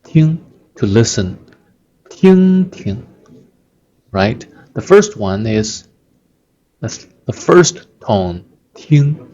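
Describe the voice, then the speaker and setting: Slow-talking guy with teaching a lesson, lowish voice, kinda muffled audio. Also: very animated, a little mellow. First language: Chinese. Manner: patient, repeats words slowly for learners. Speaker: Chinese teacher. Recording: dull lo-fi sound.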